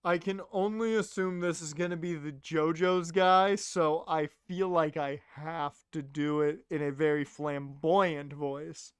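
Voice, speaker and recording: A man's voice: on the high side, steady tone, unhurried, few pauses, clear, resonant tone, dry recording, clean studio sound. A man streaming a video game, making joking, sarcastic casual commentary. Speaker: let's play streamer.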